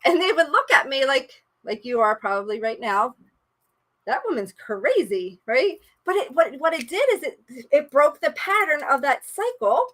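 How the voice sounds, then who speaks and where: A woman's voice: sits high, big pitch swings, moderate pace, a bit bright. A woman life coach leading a live-streamed coaching session, playful and encouraging in a chatty way.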